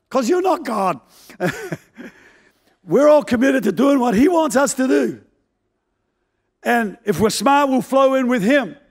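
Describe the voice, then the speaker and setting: An older male pastor preaching a sermon, telling a story in an animated, comic, fast-moving way. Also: extremely high pitch.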